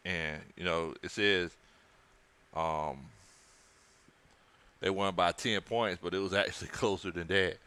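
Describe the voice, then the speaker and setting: A man with a lowish but bright, forceful voice hosts a casual live stream. He reads viewers' comments aloud and chats about the game in an easygoing, unhurried way. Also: fairly even intonation, clear, resonant tone. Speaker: livestream host. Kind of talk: casual watch-party commentary.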